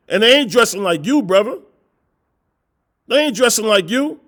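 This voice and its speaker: A man's voice: sits high, expressive, normal speed, fairly bright tone. A middle-aged man preaching a confrontational sermon, scolding his listeners with repeated rhetorical questions and blunt, profane language. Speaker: street preacher.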